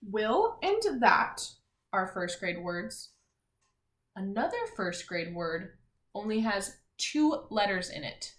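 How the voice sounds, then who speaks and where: A woman teacher giving a phonics and spelling lesson to young children, talking clearly and encouragingly. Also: medium pitch, very animated, slow, fairly bright tone. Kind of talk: early-grades phonics lesson. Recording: echoey room.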